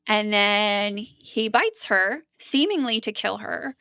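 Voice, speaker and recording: A woman co-hosting a chatty podcast, retelling scenes with lively, animated storytelling and plenty of "like". Her voice is bright and crisp, recorded close and dry. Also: medium pitch, slow, few pauses, no echo. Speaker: podcast co-host. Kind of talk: casual recap chat.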